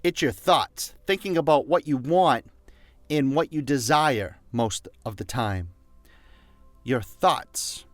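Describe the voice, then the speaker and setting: A man's voice: medium pitch, slow pace, no room sound, soft background music. A man giving a motivational talk, emphatic and repetitive, leading listeners to repeat phrases after him. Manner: emphatic and repetitive, leads listeners in call-and-response. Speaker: motivational speaker.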